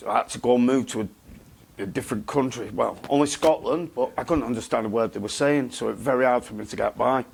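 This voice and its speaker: A man, talking bluntly and haltingly in a candid interview, often repeating himself. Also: mid-range voice, creaky, darkish tone, slightly rough. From England. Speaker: interview guest.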